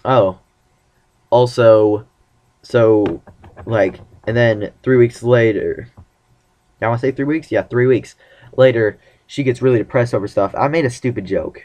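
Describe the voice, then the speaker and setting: A teenage boy with a medium-pitched, slightly mellow voice rambles in an unhurried way, leaving long pauses. It's a casual personal vlog about his relationship, and he acts out the lines of conversations he describes.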